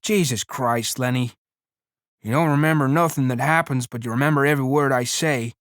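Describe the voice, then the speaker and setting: Tired ranch hand, flat quiet drawl, dry close sound, read by a man. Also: medium pitch, a little fast, no echo, natural voice. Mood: weary. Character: weary, quiet male ranch worker.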